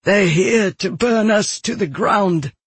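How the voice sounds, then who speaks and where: A man shouting as a panicked, wounded refugee. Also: sits high, slow pace, slightly rough, no echo, voice pushed up, full character voice. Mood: grim. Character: frantic injured man fleeing raiders.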